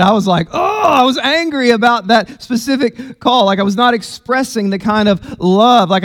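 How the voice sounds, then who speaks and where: A man's voice: sits high, big-room sound. A man preaching a sermon as pastor, emphatic and conversational, in a church sanctuary.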